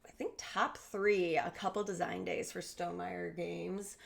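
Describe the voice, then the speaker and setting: Enthusiastic woman creator, bubbly delivery, gravelly fry. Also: on the low side, flat delivery, a little slow. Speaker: guest content creator. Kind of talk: recorded video segment.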